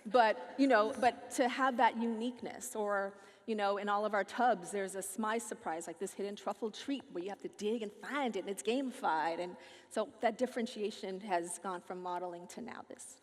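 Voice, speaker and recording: An American woman on a festival stage, talking in an animated, playful and sassy way. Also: mid-range voice, normal speed. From United States. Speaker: featured speaker. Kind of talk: onstage conversation. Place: large festival stage hall. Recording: long hall reverb.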